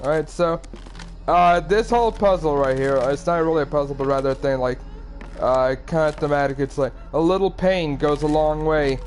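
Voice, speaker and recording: A man's voice: fairly high pitch, moderate pace, a little mellow, faint music behind. A young man playing a game and rambling through explanations with many fillers. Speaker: game player. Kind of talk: casual let's-play commentary.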